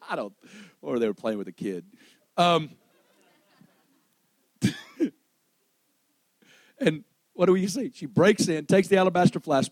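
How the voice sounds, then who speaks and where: A man preaching a sermon in a somewhat high voice, caught dry and close with almost no room sound. He swings between loud exclamation and hushed storytelling, and acts out the dialogue of the stories he tells. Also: dry recording.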